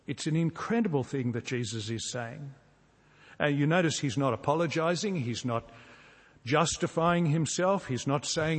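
Earnest preacher in a reverberant hall. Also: male voice, on the high side, normal speed. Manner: earnest, emphatic, with rhetorical repetition and sudden soft drops. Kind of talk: sermon. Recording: long reverb from a large hall.

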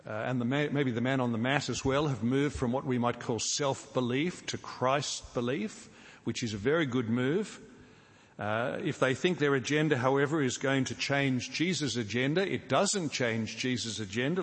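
Earnest preacher in a reverberant hall. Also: male voice, medium pitch. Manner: earnest, slows down for emphasis, acts out imagined scenes. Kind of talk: sermon.

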